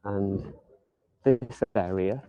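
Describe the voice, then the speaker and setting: A man's voice: fairly low pitch, very slow, dry recording, narrow, tinny audio. A man giving a live walking tour outdoors, chatting and joking lightly as he strolls the streets. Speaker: tour guide.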